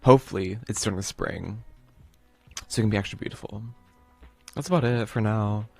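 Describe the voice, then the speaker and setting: A man's voice: lowish voice, fairly quick, gravelly, darkish tone, dry recording, soft background music. A man streaming a video game, chatting casually in a rambling, playful way full of fillers, and reading the game text aloud.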